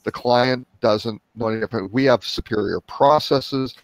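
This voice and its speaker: A man's voice: medium pitch, normal speed, no echo. A man on a live web panel show, talking in a reflective way and often checking for agreement. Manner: reflective, asks for agreement with "right?". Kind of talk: casual panel talk.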